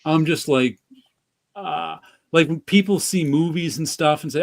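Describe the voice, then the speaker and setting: A podcast co-host with a New York accent and a fairly high, gravelly voice talks a little slowly. It's a casual chat, and he rambles with many restarts and light laughs.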